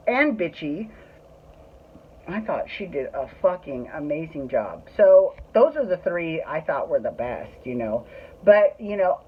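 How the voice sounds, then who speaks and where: Woman, podcast host, casual solo recap, chatty, gushing, swears a lot, lowish voice, tinny phone-like sound. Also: slightly rough.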